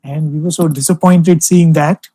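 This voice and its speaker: A young man gives a devotional talk over a video call, telling stories gently with lots of "you know" fillers. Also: fairly high pitch, steady tone, moderate pace, breathy edge, dry recording, poor audio. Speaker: spiritual speaker addressing alumni.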